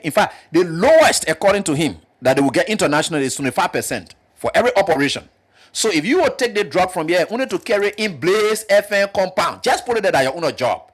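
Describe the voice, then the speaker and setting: A man's voice: fast, breathy edge. A man with a Liberian English accent, speaking emphatically as a panelist on a political talk show. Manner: emphatic, animated, jumps up in pitch to press points.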